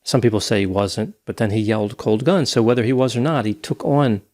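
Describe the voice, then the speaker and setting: A man's voice: lowish voice, fast talker, darkish tone. A man co-hosting a casual podcast discussion, thinking aloud and hedging with "I think" and "you know.". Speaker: podcast co-host.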